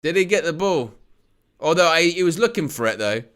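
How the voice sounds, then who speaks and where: A man hosts a live football watch-along, calling the play with a high, bright voice. He jokes with his viewers and laughs often, then rises to excited shouts when a chance goes close. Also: fairly quick. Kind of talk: live play-by-play commentary and chat.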